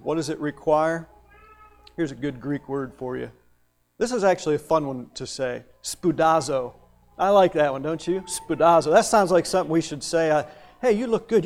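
A man's voice: on the high side, darkish tone. A male pastor preaching a sermon in a conversational way, with playful asides and rising emphasis on key words.

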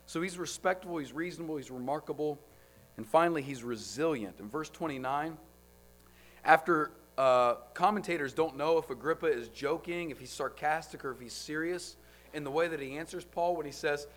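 A man preaching a sermon, firing off rhetorical questions and swinging between loud, driving lines and quiet ones. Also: fairly high pitch, fairly quick, soft background music.

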